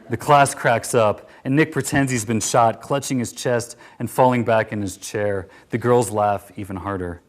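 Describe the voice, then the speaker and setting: A man reading his own first-person literary story aloud, measured, trailing off softly at the ends of sentences. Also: medium pitch, steady tone. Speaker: narrator.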